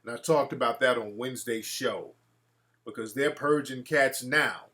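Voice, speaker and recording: A man's voice: mid-range voice, normal speed, sharp tone. A man hosting a casual call-in show, talking in a brash, profane way and reacting to his live chat. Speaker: talk show host.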